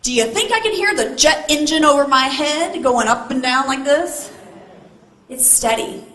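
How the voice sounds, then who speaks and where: Animated woman telling a story on stage. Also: high-pitched, moderate pace. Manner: animated, asks the audience questions. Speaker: motivational speaker. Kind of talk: keynote storytelling to a live audience. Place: large event hall. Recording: echoey hall with faint noise. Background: audience responses.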